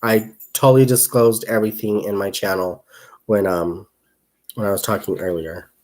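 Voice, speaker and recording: A man's voice: lowish voice, fairly even intonation, normal speed, a little mellow. A young man hosting a casual crochet livestream, chatting in a rambling way, reading viewer comments aloud and counting stitches under his breath.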